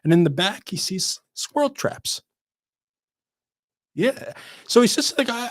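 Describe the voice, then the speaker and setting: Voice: mid-range voice, lively intonation, normal speed, pauses often, dry recording. A radio show co-host launches into a funny story. The voice sits in a middle range, and the telling rambles and restarts, with more and more animation as it builds.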